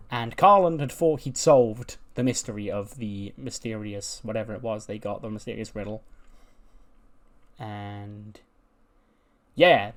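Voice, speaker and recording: A man narrating his wrestling management playthrough in a relaxed, chatty way, making up scenes as he goes. His voice sits at an ordinary mid pitch, and he often chuckles. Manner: casual, chuckling, improvised storytelling. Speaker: let's player.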